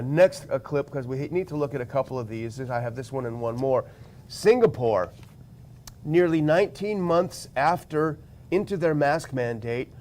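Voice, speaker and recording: A man's voice: mid-range voice, a little mellow. A man hosting a talk show, giving wry commentary while reading out quotes and describing charts. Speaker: host. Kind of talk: commentary on news clips.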